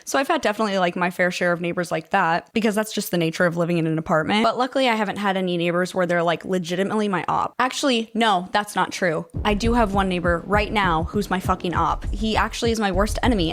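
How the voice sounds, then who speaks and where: A young woman hosts a casual commentary video in an everyday mid-range voice. She is animated and chatty, swears freely and laughs often. Faint music plays behind her. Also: mid-range voice. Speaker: video host.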